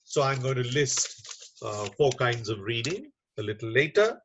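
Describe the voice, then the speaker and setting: A man giving an online lecture on teaching reading, measured and unhurried, with frequent fillers. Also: mid-range voice, animated, fairly bright tone, a little hiss or hum. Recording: muffled lo-fi webinar audio.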